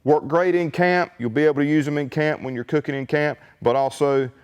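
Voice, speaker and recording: A man, hosting a casual unboxing video in a folksy, excitable, colloquial way. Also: on the high side, brisk, clean tone, big-room sound, lo-fi sound. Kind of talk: casual product unboxing chat.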